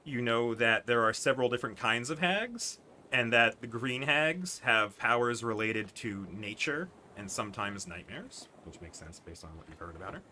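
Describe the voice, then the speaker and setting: A man narrates a tabletop session as game master with a bright, forward voice. He talks casually and breaks into high giggles. A faint hiss sits under the recording. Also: animated, moderate pace.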